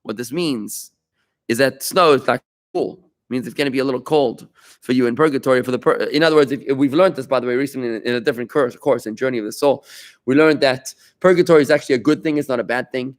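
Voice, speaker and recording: A man's voice: medium pitch, fast. A middle-aged man, a rabbi, teaching an informal Talmud lesson, explaining patiently, repeating phrases and turning to his students with chatty asides.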